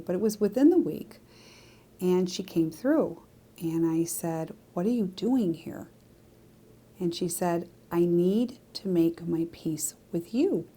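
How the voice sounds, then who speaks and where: A woman's voice: on the low side, dark tone. A woman, a psychic medium, telling a personal story to her viewers in a chatty, confiding way with frequent asides. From Greek descent. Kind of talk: casual storytelling to camera.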